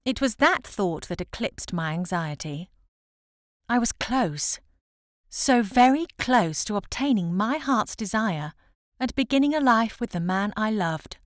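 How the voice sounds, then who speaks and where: Female audiobook narrator for a first-person novel; expressive, lively pitch, dry studio sound. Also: measured pace, no room sound.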